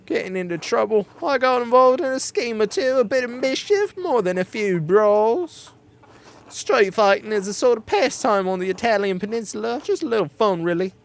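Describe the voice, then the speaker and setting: A man's voice: sits high, lively intonation, normal speed, gravelly, voice pushed up. A man voicing a young male artist in a video game, bragging about his mischievous past in a raised, playful voice. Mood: boastful. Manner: cheeky, bragging.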